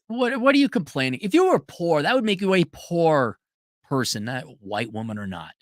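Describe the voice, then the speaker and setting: A man's voice: on the high side, big pitch swings, normal speed, dry recording, clean studio sound. A man hosting a livestream, reading viewer super chats and answering them in a blunt, sarcastic rant. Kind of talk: livestream commentary.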